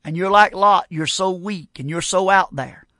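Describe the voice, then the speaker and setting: Male preacher, fairly high voice, emphatic folksy sermon delivery, dry recording. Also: moderate pace, no room sound. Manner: emphatic, folksy, swings from loud exhortation to quiet prayer.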